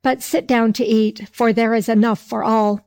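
A woman voicing a poor, simple, lazy peasant man in slow archaic speech. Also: fairly high pitch, fairly even intonation, darkish tone, clean tone, lightly acted. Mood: angry.

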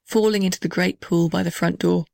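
Woman storyteller, gentle steady read, dry close sound. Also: on the low side, a little fast, gravelly, no room sound. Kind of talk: scripted narration.

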